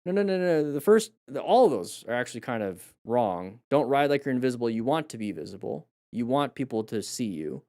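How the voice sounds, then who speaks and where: A man's voice: medium pitch, sing-song, a little fast, few pauses, a little mellow. A man reviewing crash videos live and coaching riders, emphatic and repetitive, acting out a rider's panic as he explains. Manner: emphatic, repeats key phrases, acts out riders' panic. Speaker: motorcycle riding coach.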